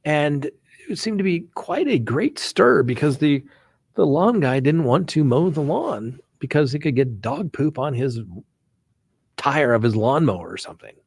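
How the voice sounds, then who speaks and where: Husky-voiced man in casual talk. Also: on the high side, lively intonation, measured pace, a little mellow, no room sound. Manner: conversational, folksy, frequent "right?" asides. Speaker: host, criminal defense attorney. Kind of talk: casual live-stream talk.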